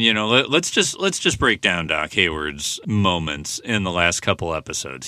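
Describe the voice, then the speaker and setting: A man's voice: deep voice, sharp tone, no echo, clean studio sound. A man hosting a podcast, recapping a TV episode in casual, rambling talk full of "you know" fillers. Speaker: podcast host.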